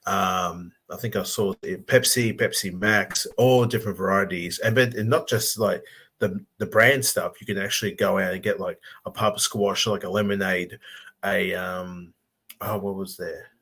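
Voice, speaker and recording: A man co-hosting a casual podcast, talking in a relaxed, rambling way with fillers. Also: low-pitched, normal speed. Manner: laid-back, rambling, with fillers and throat clearing. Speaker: co-host.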